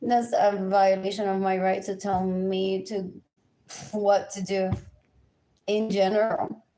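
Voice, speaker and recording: A woman on a live stream rants agitatedly without a script, her medium-pitched voice warm, slow, and flat. She repeats chanted lists and changes from English to Spanish partway through sentences.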